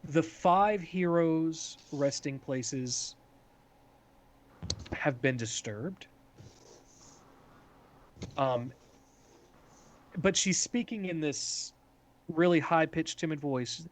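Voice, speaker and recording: A man acting as game master narrates a tabletop game in a casual way, scattering "like" and "um" throughout. His voice is a little high, he draws out his words, and he pauses often.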